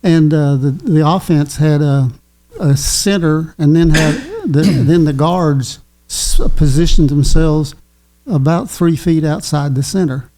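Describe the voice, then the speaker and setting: An older Kentucky man in his 80s, appearing as a guest, tells stories casually in a slightly high, warm voice. He chuckles a lot and speaks in a folksy, halting way full of fillers.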